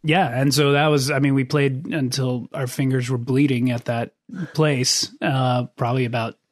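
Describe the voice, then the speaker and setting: Relaxed guest musician, dry close sound. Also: mid-range voice, normal speed, no echo. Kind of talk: casual chat.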